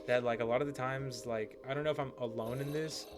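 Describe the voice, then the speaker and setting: A man's voice: mid-range voice, fairly even intonation, brisk. A young man commenting casually while playing a game, rambling with lots of fillers and swearing. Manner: rambling, profane, many "like" fillers. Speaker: gaming streamer. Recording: music playing behind.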